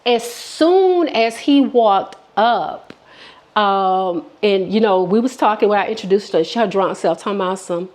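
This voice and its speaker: With lively intonation and a mid-range voice, a woman vlogger chats casually at a moderate pace about something that happened to her. Full of fillers and restarts, she's candid and talkative, frequently quoting people and acting out their words.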